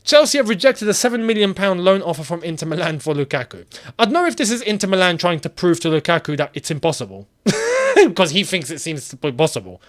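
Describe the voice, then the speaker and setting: Man, high voice, very lively pitch, casual football vlog host, chatty. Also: fast talker. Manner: animated, chatty, laughs often.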